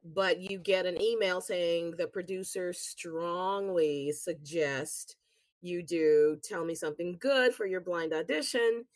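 A woman guest, a singer and actress, telling stories in a casual interview with animated, laughing delivery. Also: on the low side, slow pace, dry recording. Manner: chatty, animated storytelling with laughs.

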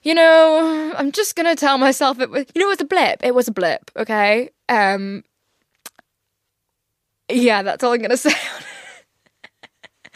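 Chatty woman, high, dry sound. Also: animated, moderate pace, no echo. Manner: rambling, candid, full of "like" fillers and swearing. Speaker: podcast host. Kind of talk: casual solo podcast chat.

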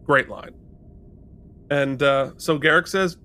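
Reviewing a television episode on his podcast, a co-host recaps scenes animatedly and quotes lines in casual conversation. His voice is a little high and his pace moderate.

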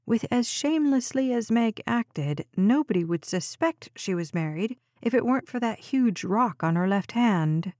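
A woman narrating a novel chapter in a steady, measured audiobook reading. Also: on the high side, no echo, studio quality.

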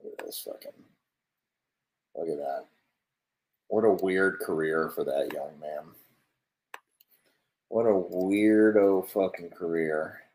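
A young man with a very low voice streams his reactions to football clips. He swears nonstop and talks loosely and casually to his viewers. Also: slow pace, long pauses, darkish tone, rough recording. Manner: profane, swears constantly. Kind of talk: casual live-stream commentary.

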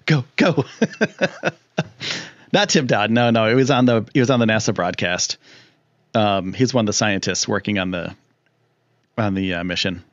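A man hosting a casual live stream, excitable and rambling with lots of fillers while he reads chat. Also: fairly low pitch, no room sound, dull audio. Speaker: livestream host.

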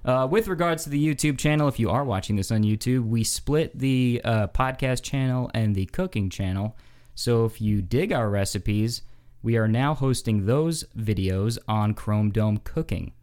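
A man's voice: medium pitch, normal speed, darkish tone, smooth. A man from New hosting a casual podcast from his home basement studio, laughing often and swearing casually. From New York. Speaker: podcast host.

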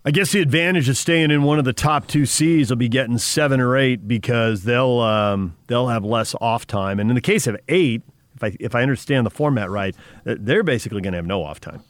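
A man's voice: mid-range voice, no room sound. A man co-hosting a morning sports radio show, who reads out listener messages and promotes upcoming segments in a joking, bantering way. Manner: lively, joking, quick banter.

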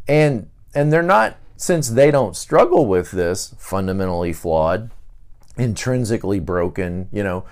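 A man's voice: medium pitch, expressive, unhurried, a little mellow. A man hosting a podcast, explaining a personality type in a loose, conversational way, with many fillers and restarts. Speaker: podcast host. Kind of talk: casual teaching talk.

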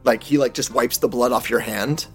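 A man narrating as game master in a tabletop game, relaxed and descriptive. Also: mid-range voice, moderate pace, vocal fry, soft background music. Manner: relaxed, descriptive, hedging with fillers.

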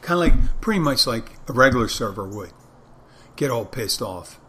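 A man's voice: medium pitch, lively intonation, normal speed, bright, forceful tone. A man who works as a bartender, hosting a podcast and telling a rambling anecdote in a casual monologue, acting out both sides of the conversation. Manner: rambling anecdotes, acts out dialogue.

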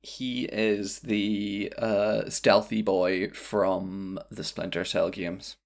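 Gravelly-voiced male podcast host. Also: lowish voice, flat delivery, drawn-out words. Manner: rambling, playful, reads out listener suggestions. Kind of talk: casual chat.

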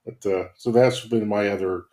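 Low-voiced male co-host, relaxed rambling chat. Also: normal speed, a little hiss or hum. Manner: rambling, relaxed, many fillers. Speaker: podcast co-host. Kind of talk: casual chat.

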